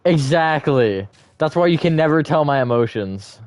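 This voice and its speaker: A man's voice: a little high, animated, normal speed, darkish tone, no room sound. A man hosting a live stream, chatting casually with viewers in a rambling, self-correcting way and laughing often.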